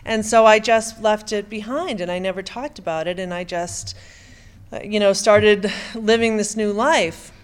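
Halting middle-aged woman telling her story. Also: mid-range voice, clear, resonant tone. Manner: halting, with frequent stammered restarts. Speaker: speaker giving personal testimony. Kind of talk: emotional personal testimony.

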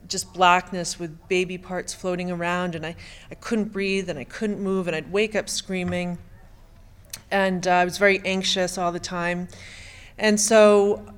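A middle-aged woman giving an emotional personal testimony, halting and often restarting her sentences. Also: mid-range voice, clear, resonant tone. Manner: halting, with frequent stammered restarts.

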